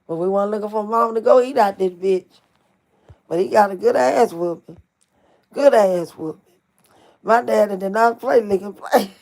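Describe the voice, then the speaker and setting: Middle-aged woman, channel host, animated folksy storyteller, talks straight to viewers, curses freely. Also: on the high side.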